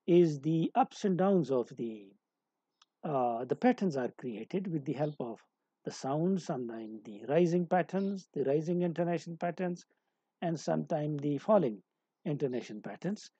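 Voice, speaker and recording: Male lecturer, very dark husky voice, halting explanations, dull lo-fi dry sound. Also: fairly high pitch, no echo. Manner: explaining with many hesitations and restarts. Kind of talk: recorded lecture.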